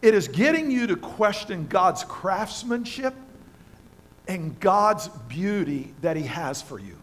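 High-voiced preaching man. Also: big pitch swings, takes it slowly. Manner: passionate, emphatic preaching with repeated phrases. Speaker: pastor. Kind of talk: sermon. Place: church sanctuary with congregation.

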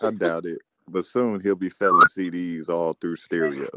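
A man chatting casually late at night in a deep, sleepy voice, joking with friends. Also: normal speed, pushed and bright, a little hiss or hum. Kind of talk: casual group chat.

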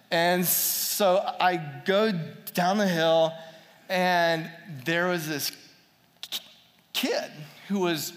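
A man telling a personal story to an audience in an animated way, acting out quotes and restarting words. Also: on the high side, a little slow. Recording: long hall reverb.

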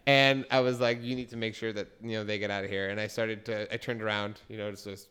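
A young man on a podcast, chatting casually and swearing freely as he tells animated stories. His voice is bright and smooth, and now and then it jumps to a loud shout. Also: fairly low pitch, quick pace. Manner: animated storytelling with loud outbursts; frequent swearing. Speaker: podcast co-host. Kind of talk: casual chat.

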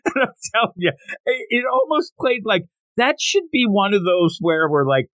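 A podcast host who tells the story with a lively, swooping voice that sits a little high for a man. He acts out each line of dialogue as he goes. The sound is dry and close to the mic. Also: normal speed, no room sound, low-quality recording. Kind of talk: casual chat.

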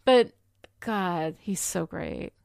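A woman's voice: fairly low pitch, very animated, drawn-out words, vocal fry, a little mellow, dry recording, clean studio sound. Chatty woman gushing about a show. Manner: enthusiastic, many fillers like "you know". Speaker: podcast co-host. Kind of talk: casual chat about a TV show.

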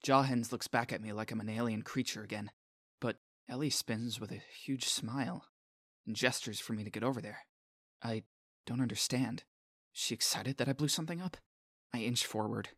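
A man's voice: mid-range voice, moderate pace, fairly bright tone, no echo, clean studio sound. A man giving scripted first-person narration as an earnest, self-conscious inner monologue.

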